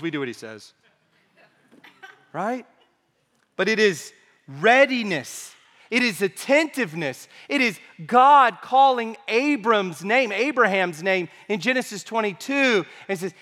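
A man preaching a sermon as pastor, swinging from quiet asides to emphatic rising phrases, with an occasional cough. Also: high voice, expressive, unhurried. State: coughing now and then. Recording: long hall reverb.

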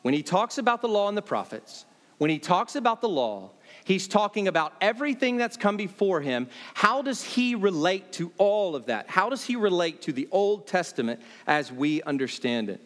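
Male pastor, high voice, emphatic sermon delivery, reverberant hall. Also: very animated, normal speed, a bit bright. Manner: emphatic, repeats key phrases, voice dropping low on points. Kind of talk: expository sermon.

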